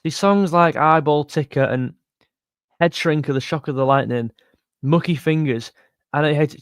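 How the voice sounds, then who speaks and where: A man's voice: a little high, moderate pace, smooth, dry recording. Young guy on a livestream, chatty and jokey, dry close sound. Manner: chatty and jokey, calls viewers mate. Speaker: music channel host reading live chat. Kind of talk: casual livestream chat.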